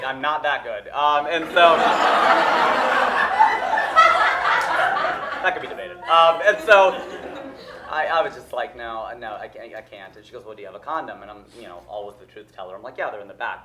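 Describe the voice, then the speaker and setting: A man in his thirties telling a long story as a stand-up comedian, getting loud at the punchlines. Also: lowish voice. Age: 30s. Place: comedy club stage with a laughing audience. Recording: roomy live club with crowd laughter.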